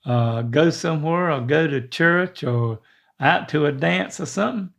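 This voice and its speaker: An older man with a drawl talks slowly and easily, his voice gravelly and a touch high for his age. He chats casually with his son, stumbling over unfamiliar words. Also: fairly bright tone. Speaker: co-host, father of the host. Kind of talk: casual family chat.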